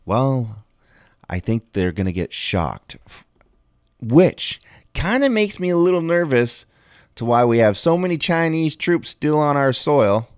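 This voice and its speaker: A man hosting a casual livestream, rambling and excitable, swearing often and breaking into animated outbursts. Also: mid-range voice, unhurried, smooth, dry recording, studio quality. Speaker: livestream host.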